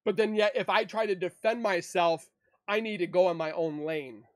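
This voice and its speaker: A man's voice: high-pitched, normal speed, no echo, clean studio sound. A man in an emotional, defensive monologue to camera, rambling and repeating himself as a true crime YouTuber. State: emotional, upset.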